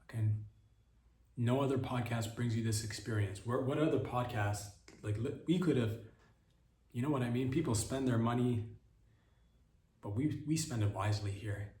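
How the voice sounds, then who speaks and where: A man's voice: moderate pace, long pauses. Rambling man in a roomy studio. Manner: deadpan absurd riffing, mock sales pitch. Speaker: podcast host. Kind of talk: rambling comedic monologue. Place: podcast studio. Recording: roomy echo, voice far from the mic.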